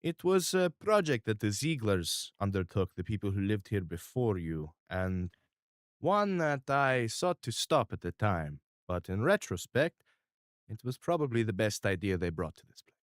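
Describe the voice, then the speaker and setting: A man voicing a stiff, formal, middle-aged boss who is wary of change and speaks in a measured way. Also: lowish voice, sing-song, no echo, studio quality.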